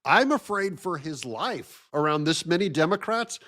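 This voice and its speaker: A man's voice: fairly high pitch, expressive, moderate pace, a bit bright. Sarcastic man commenting on clips. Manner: sarcastic, mocking. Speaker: show host. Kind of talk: commentary over video clips.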